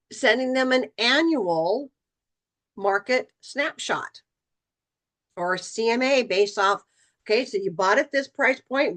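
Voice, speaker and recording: A middle-aged woman runs a training session for real estate agents, keeping things casual and acting out snippets of client dialogue. Her voice is medium in pitch with a fairly bright tone.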